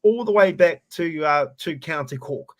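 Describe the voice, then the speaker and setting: Brief: high-pitched New Zealand man, animated ranting chat host with self-mocking humour. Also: moderate pace. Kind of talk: casual chat.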